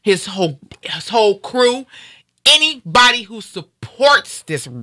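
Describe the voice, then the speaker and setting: A woman's voice: a little high, expressive, unhurried, pushed and bright, dry recording, clean studio sound. A Black American woman hosting a live stream, speaking out in anger with fierce emphasis in casual, heated talk. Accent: African American. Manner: angry, fiery, emphatic.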